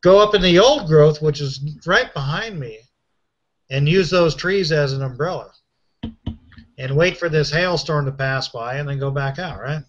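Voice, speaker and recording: A chatty man with a slightly raised pitch, rambling through a long story with plenty of restarts. The recording sounds a little dull. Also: normal speed. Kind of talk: casual conversation.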